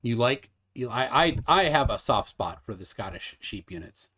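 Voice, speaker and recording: A man's voice: mid-range voice, lively intonation, bright, forceful tone. A man hosting a livestream debate in casual chat, reading out viewer comments and asking his guest questions with a bantering, teasing manner. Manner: bantering, questioning, quick laughs.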